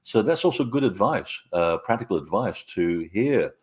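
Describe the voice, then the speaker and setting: A middle-aged man, a guest author, telling anecdotes in a relaxed, rambling way with many hesitations. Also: lowish voice, normal speed. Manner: rambling, hesitant with frequent fillers. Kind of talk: conversational storytelling interview.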